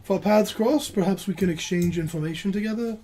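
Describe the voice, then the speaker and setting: An older woman narrating as game master in a tabletop game, speaking in a measured, explanatory way and laughing easily. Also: medium pitch, mellow, slight background noise.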